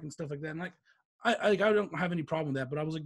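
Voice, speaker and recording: A young man on a podcast telling stories in a casual, animated way, acting out what others said. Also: fairly high pitch, rapid-fire. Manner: animated, swearing, acts out quotes. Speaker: podcast co-host. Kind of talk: casual storytelling chat.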